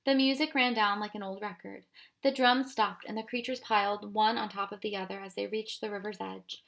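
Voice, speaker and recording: A woman reading a children's storybook aloud in a soft, even voice. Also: mid-range voice, a little fast, gravelly. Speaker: audiobook reader. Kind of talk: storybook narration.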